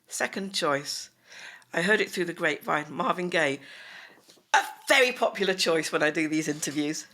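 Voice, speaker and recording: Gravelly, bright-voiced woman host. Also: deep voice, expressive. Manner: measured questions and introductions. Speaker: radio host. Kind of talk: radio interview.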